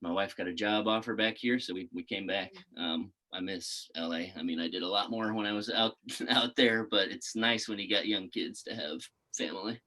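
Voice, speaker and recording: Man, thirties, from texas, low voice, forceful bright tone, laid-back, swears casually. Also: normal speed, hardly any pauses, rough recording. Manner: laid-back, laughs often, swears freely. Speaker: podcast guest. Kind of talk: casual interview chat.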